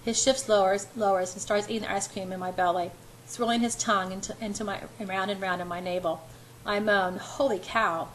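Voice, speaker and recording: A woman's voice: mid-range voice, fairly even intonation, a little fast, slight background noise, poor audio. A woman reading a romance novel aloud in an unpolished first-person voice. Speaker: amateur reader.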